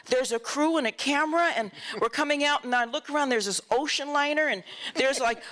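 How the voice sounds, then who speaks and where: Animated, laughing woman telling stories. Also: sits high, brisk. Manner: animated, laughs often, acts out other people's lines. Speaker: honored guest at a film festival Q&A. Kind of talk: onstage interview storytelling. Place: festival stage before an audience.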